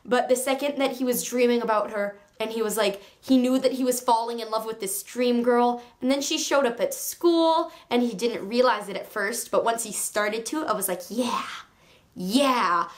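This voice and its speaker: A woman reviewing a book on her video channel, chatting in a gushing, excitable way with sarcastic asides. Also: fairly high pitch, moderate pace, hardly any pauses. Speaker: book vlogger.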